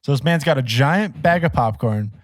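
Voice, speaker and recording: A man's voice: medium pitch, expressive, moderate pace, no echo, studio quality. A young man co-hosting a casual podcast, playful and acting out little scenes as he chats. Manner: playful, acts out little scenes in silly voices. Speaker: podcast co-host. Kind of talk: casual chat.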